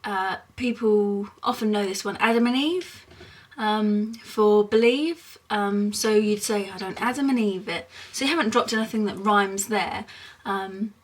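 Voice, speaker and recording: A young woman from Essex with an Essex accent, chatting casually in a rambling vlog, giggling often and filling pauses with lots of ums. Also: mid-range voice, far from the mic. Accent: Essex English. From England (Essex).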